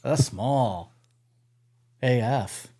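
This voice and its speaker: A man co-hosting a casual podcast, swearing freely and acting out quotes in high voices. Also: very slow, mellow, slight background noise. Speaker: podcast co-host. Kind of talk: casual chat.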